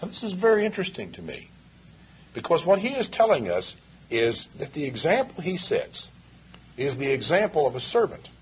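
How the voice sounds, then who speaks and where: Husky-voiced guy preaching, lots of rhetorical questions, pitch jumps all over, dull old tape sound. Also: big pitch swings, moderate pace. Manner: emphatic, asks rhetorical questions. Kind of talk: sermon. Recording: dull lo-fi 1980s sermon tape.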